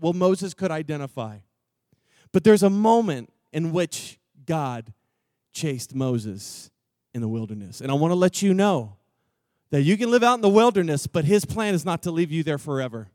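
A man's voice: a little high, animated, moderate pace, dark tone, dry recording, studio quality. A man from Texas preaching a sermon, telling a story in a loose, slangy way with offhand asides. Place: church gathering room.

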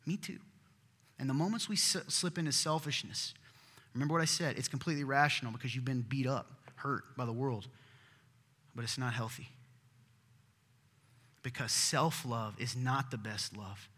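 A man preaching a sermon as pastor, earnest and emphatic, sometimes dropping to a hush. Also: medium pitch, moderate pace, long pauses. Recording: hall reverb.

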